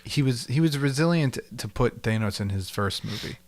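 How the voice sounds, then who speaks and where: A young man co-hosting a casual podcast chat, relaxed and earnest, often trailing off. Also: medium pitch, moderate pace, no room sound. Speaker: podcast co-host.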